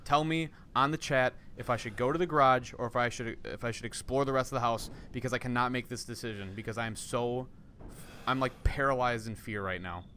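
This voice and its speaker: A young man streaming a horror game, talking to his chat in an excitable, jumpy way with lots of swearing. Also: mid-range voice, a little fast, slight background noise. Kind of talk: live gameplay commentary. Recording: voice over game music. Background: game music.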